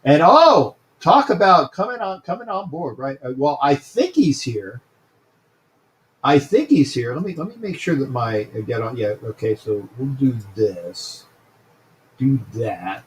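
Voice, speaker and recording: A man's voice: medium pitch, big pitch swings, moderate pace, a little hiss or hum. A man hosting a casual sports talk livestream, greeting viewers by name and often repeating himself.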